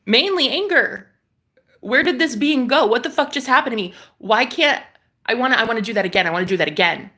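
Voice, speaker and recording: A fairly high, animated voice, brisk and pushed with a bright edge, carries this woman's story of a spiritual experience. Talking to camera, she retells it with great emotion and intensity, frequently starting over and cursing at times.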